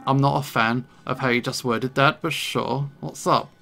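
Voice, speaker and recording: A man's voice: mid-range voice, steady tone, normal speed, creaky, sharp tone, soft background music. A man voicing a friendly woman shopkeeper who brews potions in a video game, speaking in an easygoing, knowing way.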